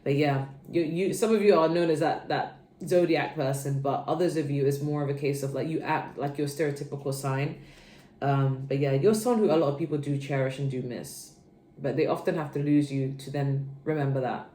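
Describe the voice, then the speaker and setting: A woman's voice: low-pitched, normal speed, mellow. A young woman giving a casual, chatty tarot reading to her viewers, rambling and checking in with "okay" often. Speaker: tarot reader. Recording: roomy echo.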